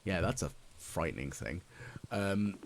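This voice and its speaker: A man near forty, musing aloud as he plays. His low voice has a gravelly edge, and his pitch swings up and down a lot. Soft game music plays underneath. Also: lively intonation, measured pace, a little hiss or hum. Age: late 30s. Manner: rambling, musing, self-mocking, many ums. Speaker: gaming channel host. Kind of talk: casual let's play commentary.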